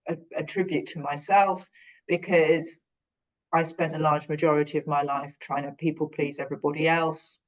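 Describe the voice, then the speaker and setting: A woman's voice: low voice, flat delivery, normal speed. A British woman on a podcast, reflectively telling a personal story in a rambling, earnest way that often corrects itself. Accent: British English. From Britain.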